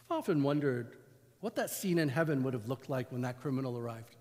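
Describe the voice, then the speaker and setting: A man's voice: a little high, brisk, a little mellow. A man, preaching a sermon as pastor in a conversational storytelling way. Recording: long hall reverb.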